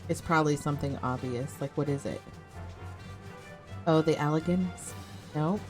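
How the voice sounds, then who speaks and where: A woman's voice: deep voice, normal speed, darkish tone, soft background music. A young woman streaming a game, joking and self-mocking in casual commentary, swearing freely.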